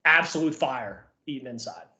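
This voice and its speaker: A man's voice: mid-range voice, lively intonation, normal speed, pushed and bright, echoey room. A young man co-hosting a podcast, chatting casually and rambling with lots of fillers. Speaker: podcast co-host. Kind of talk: casual chat.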